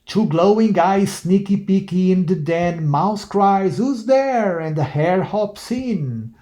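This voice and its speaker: A man reads a rhyming picture book aloud at a very slow, sing-song pace. His voice sits a little high but sounds soft and mellow. Each line falls into a gentle rhythm. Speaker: reader.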